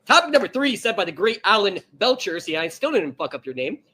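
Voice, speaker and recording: A man hosting a podcast, animated and laughing as he reads out topics. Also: high voice, fairly quick. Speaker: podcast host. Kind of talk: casual podcast chat.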